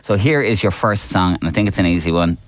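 Low-voiced radio host, dry studio. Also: male voice, quick pace, dry recording. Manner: chatty, teasing, leads the games. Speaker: radio breakfast show host. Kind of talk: casual radio chat.

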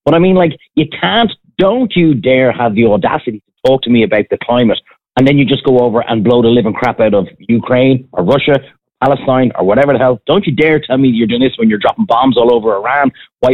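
A man's voice: medium pitch, expressive, quick pace, breathy edge, phone-quality sound. An Irish man, a former restaurant owner, ranting emphatically in a heated casual chat.

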